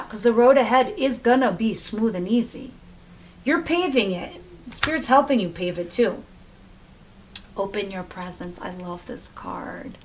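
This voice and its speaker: Woman tarot reader, casual and chatty, drops swear words, voice on the higher side. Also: slight background noise. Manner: chatty, swears freely, laughs at the cards.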